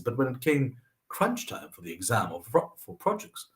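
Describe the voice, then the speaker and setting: Young man, lively storyteller, wide pitch swings, acts out quoted voices. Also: moderate pace. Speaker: vlogger sharing lessons from his mother. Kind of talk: personal storytelling monologue.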